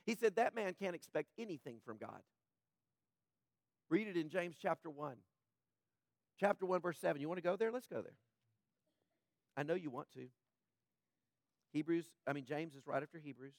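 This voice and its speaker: A man preaching a sermon as pastor, his voice slightly rough, talking conversationally and joking with the congregation. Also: on the high side, expressive, moderate pace, pauses often, a little mellow, no echo, clean studio sound.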